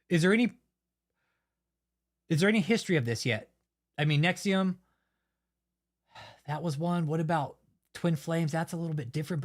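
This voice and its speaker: High-voiced man ranting with profanity. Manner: heavily profane, heated and blunt. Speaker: channel host. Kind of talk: angry ranting commentary.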